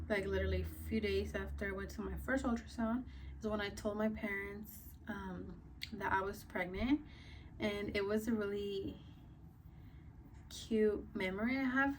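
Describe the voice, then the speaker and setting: A woman's voice: medium pitch, distant mic, background noise. A young woman vlogger telling a casual story, chatty and full of "like" and "um", a little out of breath. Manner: chatty, many fillers like "like" and "um".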